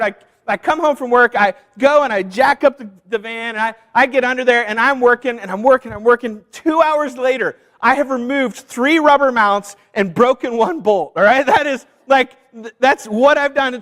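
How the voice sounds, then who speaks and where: A man's voice: very high-pitched, a bit bright. A middle-aged man preaching a sermon as pastor, telling personal stories, acting out voices and calling out to the congregation for responses. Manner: storytelling, calls out to the congregation; acts out voices in anecdotes. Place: church sanctuary. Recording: long reverb of a church hall.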